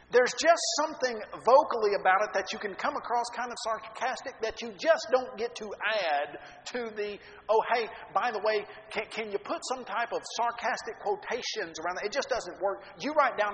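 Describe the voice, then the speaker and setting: A man telling a story from the pulpit in an animated, self-mocking way. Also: high-pitched, moderate pace, a little hiss or hum. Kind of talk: sermon storytelling. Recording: dull echoey hall recording, faint ambience.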